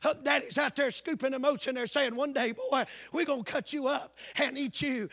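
A man preaching a fervent revival sermon, shouting out hallelujahs and telling folksy stories. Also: very high-pitched, steady tone, normal speed, hardly any pauses, no room sound, studio quality. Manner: folksy storytelling.

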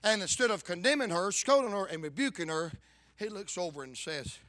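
Preacher man, real high voice, dry close sound, fired-up sermon with big shouts. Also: lively intonation, brisk, no room sound. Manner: fervent preaching with sudden loud outbursts. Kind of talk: revival sermon.

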